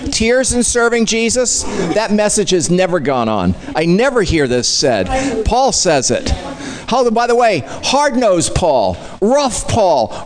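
A man leading a Bible study, teaching small groups in a playful, emphatic way. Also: sits high. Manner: playful, emphatic, sudden shifts in volume.

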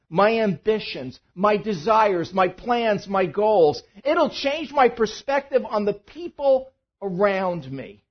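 Husky male pastor preaching animatedly. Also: sits high, dull audio. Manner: animated, swings between loud emphatic bursts and quiet asides. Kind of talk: sermon. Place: church.

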